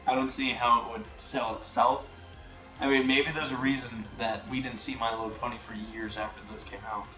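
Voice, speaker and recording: A man's voice: medium pitch, flat delivery, brisk, over music. A man speaking bluntly and critically as a reaction panelist. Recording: roomy room sound.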